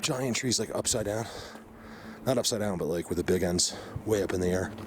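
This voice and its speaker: A man hosting an outdoor vlog, rambling excitedly with many fillers as he walks through a mountain forest. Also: on the low side, a little fast, background noise. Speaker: vlog host exploring the outdoors. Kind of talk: casual walking vlog commentary.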